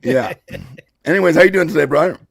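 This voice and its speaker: A congested man hosts a loose podcast chat in a rough, gravelly voice with a husky edge. He rambles and jokes, filling gaps with ums and clearing his throat. The sound is dry and close. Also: a little high, fairly quick, no echo. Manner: rambling, joking, frequent fillers and throat clearing. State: congested, hoarse voice. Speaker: co-host.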